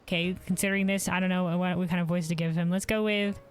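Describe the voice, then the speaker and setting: A woman's voice: lowish voice, flat delivery, fast, smooth. A woman streaming a game, talking casually and rambling, self-deprecating and reading chat messages aloud.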